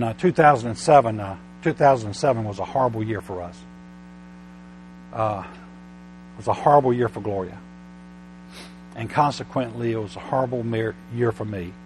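A man preaching a sermon, often restarting his words, slow and halting at first and then building to loud, emphatic passages. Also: medium pitch, slight background noise, rough recording.

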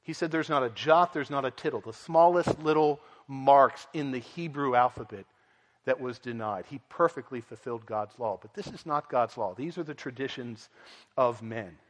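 A man's voice: medium pitch, moderate pace, long reverb tail. A man preaching an earnest expository sermon, at times voicing the people in the story with dramatic emphasis. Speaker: pastor.

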